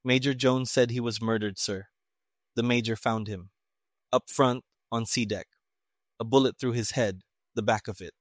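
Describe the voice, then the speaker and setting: A man's voice: mid-range voice, steady tone, moderate pace, no room sound, studio quality, lightly acted. A man voicing a young army orderly who reports stiffly, as if reciting a manual.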